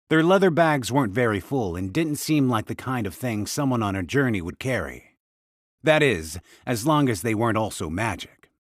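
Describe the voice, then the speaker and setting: A man narrating an audiobook in a scripted, expressive delivery. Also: mid-range voice, dry recording, studio quality.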